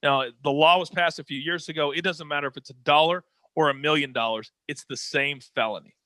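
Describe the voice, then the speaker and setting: A man acting out a calm, apologetic male state trooper who speaks in officialese. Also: a little high, brisk, no room sound, pitched below the performer's own voice. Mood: polite apology.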